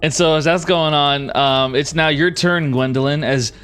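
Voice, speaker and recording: A woman's voice: low-pitched, normal speed, a bit bright, clear, resonant tone, faint music behind. A woman game master improvising a tabletop game's narration, rambling with fillers.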